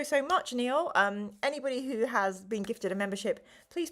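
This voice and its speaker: A middle-aged woman hosting a live stream, chatting casually and a little slowly because she is tired, with rambling asides and apologies. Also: on the high side. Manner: slow, rambling, chatty with frequent ums and apologies. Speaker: live stream host running a gamebook play.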